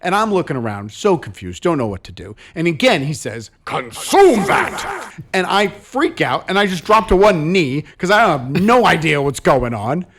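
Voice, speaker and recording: A man's voice: a little high, normal speed, few pauses. A man co-hosting a show in casual chat, telling stories expressively and acting out quotes. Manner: expressive storyteller, acts out quotes. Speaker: co-host.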